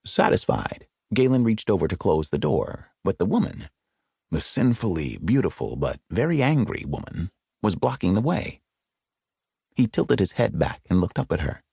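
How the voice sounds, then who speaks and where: Deep, gravelly male audiobook narrator. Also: normal speed, no room sound, clean studio sound. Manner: expressive, wry storytelling. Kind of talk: scripted narration. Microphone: close studio mic.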